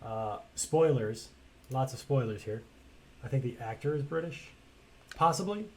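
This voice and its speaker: A man's voice: mid-range voice, unhurried, a little mellow. Male streamer, casual let's-play commentary, blunt and rambling, swears a lot. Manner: chatty and blunt, swears freely, rambling asides. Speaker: game streamer.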